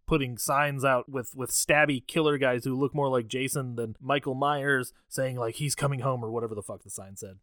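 A man's voice: medium pitch, steady tone, normal speed, hardly any pauses, fairly bright tone, dry recording. Snarky guy recapping a movie, swears constantly, does the voices, dry mic. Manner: sarcastic, swearing, acts out characters mid-recap. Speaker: podcast co-host. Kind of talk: casual movie-review chat.

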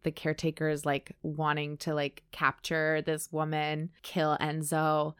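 A woman's voice: low-pitched, completely flat delivery, unhurried, fairly bright tone, clear, resonant tone, dry recording, clean studio sound. Young woman recapping a book, chatty. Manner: recaps a book with lots of "like" and laughter. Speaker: podcast co-host. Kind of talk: casual chat.

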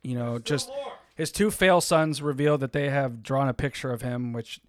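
A man's voice: mid-range voice, moderate pace, no echo, clean studio sound. A man on a comedy podcast summarizing a comic in a rambling, sarcastic, profane way. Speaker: podcast co-host. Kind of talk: casual comedic chat.

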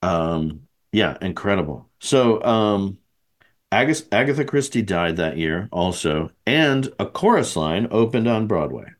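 His voice is on the low side with big pitch swings and a measured pace as he hosts a casual podcast. The Midwestern American man rambles, self-corrects, and chuckles a lot along the way.

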